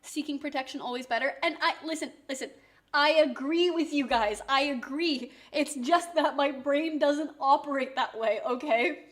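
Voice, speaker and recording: A woman's voice: sits high, moderate pace, a bit bright. A woman streaming and chatting casually, rambling with lots of fillers. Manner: chatty, rambling with many likes and rights.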